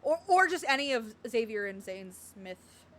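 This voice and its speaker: Casting: young woman game streamer, high, lively voice, giggly, snorts when she laughs. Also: moderate pace. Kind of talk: live game reaction and reading aloud.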